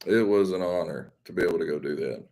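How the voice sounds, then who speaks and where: A man's voice: low-pitched, quick pace, vocal fry, a little mellow. A man with a Southern accent, hosting a live stream and chatting casually with viewers in a rambling, folksy, self-deprecating way. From Mississippi.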